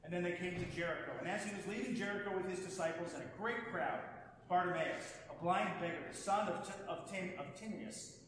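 A man reading a gospel passage aloud in a measured, unhurried liturgical style in a church sanctuary. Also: high voice, a bit bright. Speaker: scripture reader. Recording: very echoey church hall with background noise.

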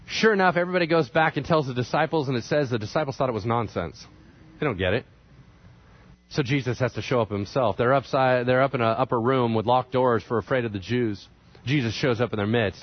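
A man preaching a sermon, retelling a scripture story and acting out its characters in quick asides. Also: fairly high pitch, expressive, highs cut off. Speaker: pastor.

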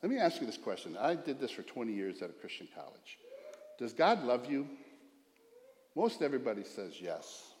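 A middle-aged man preaching a sermon as pastor, earnest, dropping to a hush and rising to emphatic. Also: medium pitch, sing-song, normal speed. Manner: earnest, swings from hushed to emphatic. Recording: echoey hall with long reverb.

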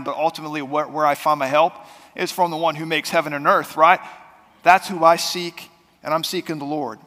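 A man preaching a sermon as pastor, talking in a conversational way that swings between loud and soft. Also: on the high side, big-room sound. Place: church sanctuary.

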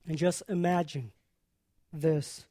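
Slow, earnest preacher, dry close sound. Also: mid-range voice, fairly even intonation, warm tone, no room sound. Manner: earnest, unhurried explaining with pauses. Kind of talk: sermon teaching on scripture.

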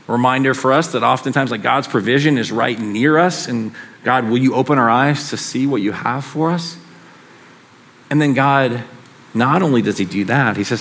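A man's voice: mid-range voice, moderate pace, a bit bright. A middle-aged man preaching a sermon in a conversational way, with casual asides. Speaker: pastor.

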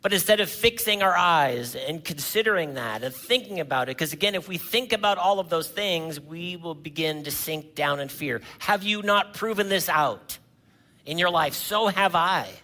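A male pastor preaching a sermon, swinging between loud cries and hushed lines and asking the congregation questions. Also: a little high, moderate pace.

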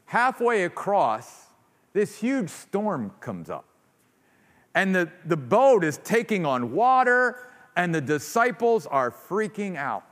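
A male pastor delivers an earnest, slow-paced sermon in a church. His voice sits a bit high for a man, and it carries a long reverb through the large sanctuary. He takes unhurried pauses between phrases. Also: big pitch swings, fairly bright tone. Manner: earnest, acts out quoted voices with rising pitch.

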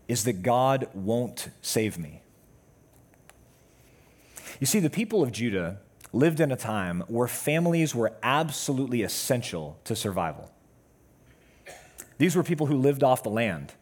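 A man delivers a sermon from the pulpit, his voice husky and a little breathy. He speaks in a medium register and presses his points with measured, deliberate pauses. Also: mid-range voice, darkish tone. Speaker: pastor.

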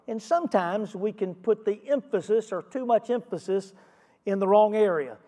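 A man's voice: high-pitched, normal speed, warm tone, in a large hall. A male pastor preaching a sermon in an earnest teaching tone, asking rhetorical questions and walking through numbered points.

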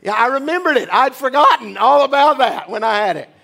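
A man's voice: extremely high pitch, lively intonation, fairly quick, gravelly, pushed and bright. A pastor in his forties giving a casual, joking sermon in church. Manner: chatty, joking asides. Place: church sanctuary.

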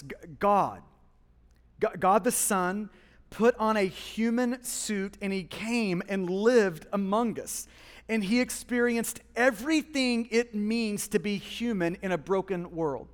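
High-voiced preacher in a reverberant hall. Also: male voice, takes it slowly. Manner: impassioned, repeats words when starting phrases, voices God and listeners in quotes. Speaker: pastor. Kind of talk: sermon.

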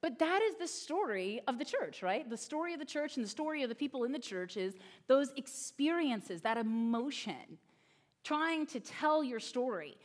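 A woman's voice: high voice, normal speed. A woman pastor giving a sermon, telling a funny story with lots of acted-out quotes. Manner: animated, humorous storytelling with voiced quotes.

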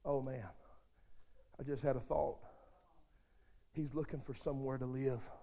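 A man preaching a sermon who talks straight to his congregation and swings between hushed, intimate passages and shouted, fervent ones. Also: mid-range voice, steady tone, unhurried, gravelly. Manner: addresses the congregation directly, calls for responses.

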